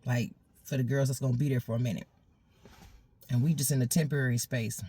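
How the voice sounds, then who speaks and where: A woman telling a personal story in a casual, animated way, laughing often and repeating phrases. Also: very deep voice, a little fast, slight background noise.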